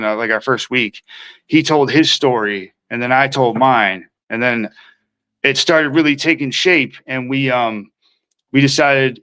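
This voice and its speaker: A man's voice: mid-range voice, fairly bright tone, clean tone, low-quality recording. A man from Minnesota telling his recovery story as a podcast guest, rambling and slangy, acting out what people said. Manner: rambling, slangy, acts out quoted voices. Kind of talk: casual storytelling.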